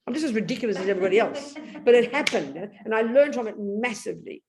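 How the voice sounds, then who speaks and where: An older woman with an English accent giving a blunt, animated Buddhist talk, telling stories and breaking into sudden loud bursts. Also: fairly high pitch, quick pace, a crowd in the background. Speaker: Buddhist nun teacher. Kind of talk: Dharma talk.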